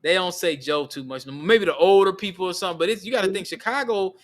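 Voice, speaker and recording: A man's voice: high-pitched, fast talker. A man hosting a podcast, easygoing and slangy, asking curious questions. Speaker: podcast host. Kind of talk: casual chat.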